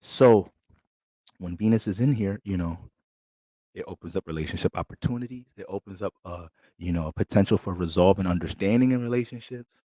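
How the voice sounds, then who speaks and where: A man with a lowish voice delivers a casual astrology forecast, blunt and streetwise, with profanity all through. The sound is dry and close, with no room echo. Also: a little fast, dark tone. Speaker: astrologer giving a sign reading.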